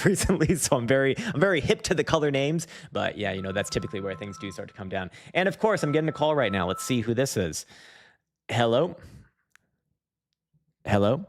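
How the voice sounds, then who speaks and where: A man with a somewhat low voice hosts a casual livestream from a dim room at home. He rambles, swears freely and laughs often. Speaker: trading livestream host.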